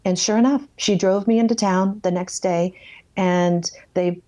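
A woman's voice: mid-range voice, fairly even intonation, measured pace, warm tone. A woman in an interview telling her own life story with candor, plain-spoken and blunt, acting out her past thoughts as she goes. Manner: blunt, plain-spoken, self-censors swearing. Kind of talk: candid personal testimony.

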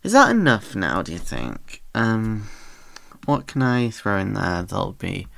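A voice actor chatting casually between takes, giggling often and unhurried. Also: sits low, big pitch swings, vocal fry, fairly bright tone, no echo.

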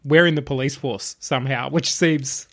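A man's voice: medium pitch, moderate pace. A man hosting a casual podcast about a film and steering the discussion with questions. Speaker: podcast host.

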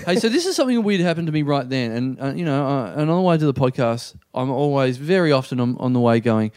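Aussie guy on a podcast, animated storyteller, laughs at himself, dry close sound. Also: medium pitch, quick pace, clean tone, no room sound. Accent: Australian. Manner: animated, self-deprecating, acts out quotes. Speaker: podcast host. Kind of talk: casual storytelling chat.

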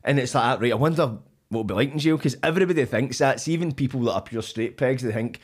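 A Scottish man swaps stories on a podcast, talking quickly at a mid-range pitch. He is animated and swears freely, acting out his own past lines as he goes. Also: husky. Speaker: podcast guest. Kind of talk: casual storytelling chat.

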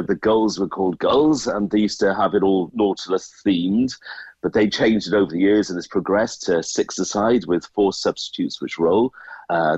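A Welsh man with a deep, slightly husky voice talks as a radio guest. He explains things in an easy, chatty way, now and then stumbling over a repeated word. The sound is dry and a little dull. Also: no room sound. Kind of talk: casual radio phone chat.

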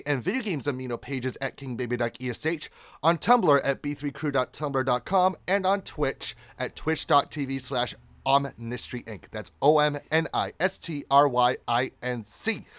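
A man's voice: on the high side, fairly bright tone, dry recording. A young man guesting on a podcast, steadily reading out where to find him. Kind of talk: reading out plugs.

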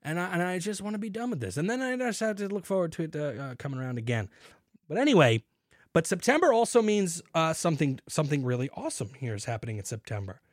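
A man's voice: a little high, quick pace, dry recording. Young guy rambling on his beer podcast, voice bouncing all over, dry close mic. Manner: animated, jokey, bursts into shouts and mock announcer voice. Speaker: podcast host. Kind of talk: casual beer podcast chat.

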